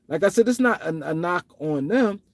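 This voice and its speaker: New york guy rambling on his stream, slangy, repeats himself a lot, voice a bit on the high side. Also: lively intonation, moderate pace, dry recording. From Harlem, New York. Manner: rambling, repetitive, loose slangy delivery. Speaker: show host. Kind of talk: casual livestream commentary.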